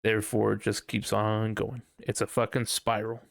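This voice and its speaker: Male podcast host, gravelly voice, dry close sound, loose, profane, rambling solo chat. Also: fairly low pitch, monotone, normal speed, no echo. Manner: rambling, profane, unsure musing. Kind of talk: casual solo podcast monologue.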